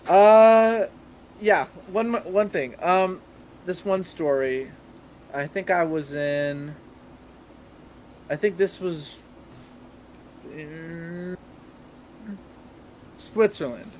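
A man's voice: sits high, extremely slow, long pauses, darkish tone, a little hiss or hum. A young man as a podcast guest, telling travel stories in a rambling, casual way full of fillers. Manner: rambling, filler-heavy storytelling. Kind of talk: casual chat.

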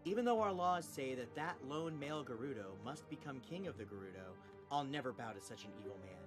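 Proud stern warrior lady, guy reading her lines low, stiff read-aloud feel. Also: expressive, brisk, music in the background, lightly acted.

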